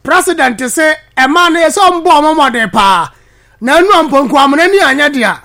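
A man with a Ghanaian accent presenting sports news, lively, switching between his local language and English. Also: extremely high pitch, normal speed. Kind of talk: news commentary.

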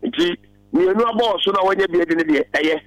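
A Ghanaian man hosting a casual call-in talk about lotto numbers, chatty, taking callers and slowly repeating a phone number. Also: sits high, fairly bright tone, no room sound, poor audio. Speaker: lotto tipster show host.

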